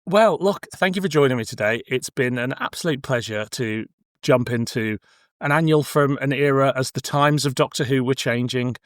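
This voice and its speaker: A man's voice: medium pitch, moderate pace, no room sound, clean studio sound. A man hosting a podcast, chatting easily, laughing along with his guest. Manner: easygoing, laughing along, brief agreements. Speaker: podcast host. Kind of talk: casual chat.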